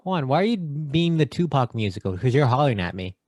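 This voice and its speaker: Male co-host, playful banter, rattles off shout-outs, mid-pitched, close dry mic. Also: big pitch swings, a little fast, no room sound. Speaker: podcast co-host. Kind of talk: casual chat.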